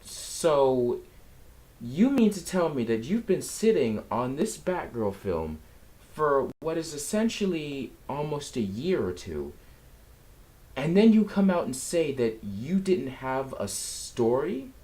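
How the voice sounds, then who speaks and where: Slow-talking man ranting with lively pitch. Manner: sarcastic, exasperated ranting. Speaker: film commentary vlogger. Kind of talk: casual ranting commentary.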